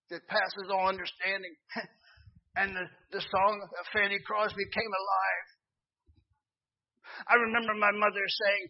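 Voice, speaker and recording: A middle-aged male preacher with a Pennsylvania accent delivers a heartfelt sermon testimony. His voice sits high for a man. He tells his story earnestly and builds to fervent emphasis, and the recording sounds dull and lo-fi. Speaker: missionary preacher.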